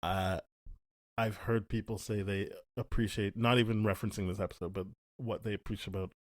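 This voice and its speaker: Podcast co-host, male, deep-ish voice, dry close sound, chatty and rambling. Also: brisk, no room sound. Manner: rambling, acts out quotes in animated voices. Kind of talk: casual chat, spoiler review.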